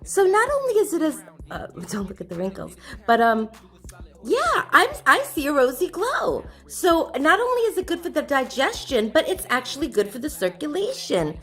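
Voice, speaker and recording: A woman's voice: high voice, very animated, normal speed, a bit bright, soft background music. A woman hosting her own vlog, chatting to the camera in a gushing, exclamatory way. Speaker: vlog host. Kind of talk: casual chat to camera.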